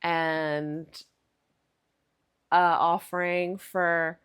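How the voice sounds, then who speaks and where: A woman's voice: lowish voice, little pitch movement, extremely slow, a bit bright, smooth. A woman hypnotherapist in a casual reflective vlog, meandering and spiritual, saying "like" often.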